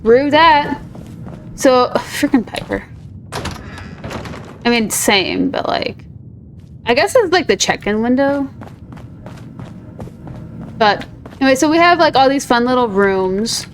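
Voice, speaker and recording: A woman's voice: high-pitched, animated, slow, pauses often, slight background noise. Chatty, upbeat woman gaming host. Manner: chatty, upbeat, lots of fillers like "like". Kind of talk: casual gameplay commentary.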